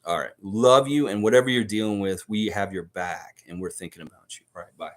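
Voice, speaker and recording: A man's voice: fairly low pitch, fairly quick. A man from the Baltics hosting a sports livestream, amped up and profane as he rants and reads out chat comments. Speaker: livestream host.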